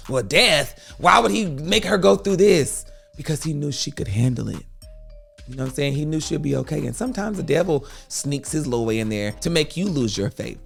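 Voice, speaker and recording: A man's voice: medium pitch, vocal fry. A man hosting a storytime advice show, speaking earnestly in a preachy, comforting way.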